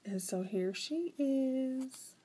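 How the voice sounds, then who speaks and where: A woman's voice: sits high, animated, extremely slow, warm tone, slight background noise. A woman vlogger casually talking through her craft projects, chatty and rambling, often correcting herself mid-sentence. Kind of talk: casual show-and-tell.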